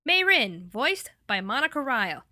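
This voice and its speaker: A woman's voice: high-pitched, very animated, moderate pace, bright, forceful tone, dry recording, clean studio sound. A woman reviewing an anime dub in a casual, enthusiastic, chatty way.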